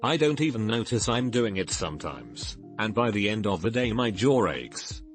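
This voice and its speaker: Male narrator, low register, steady scripted read, soft music underneath. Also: moderate pace. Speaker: narrator reading online posts.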